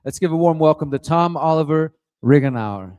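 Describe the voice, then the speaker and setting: A man's voice: a little high, lively intonation, moderate pace, a little mellow, clear, resonant tone, no echo, studio quality. A man hosting an event, upbeat and talking straight to the room as he introduces the next speaker. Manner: upbeat, addresses the room directly. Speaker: event host. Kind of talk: introducing a speaker to a live audience.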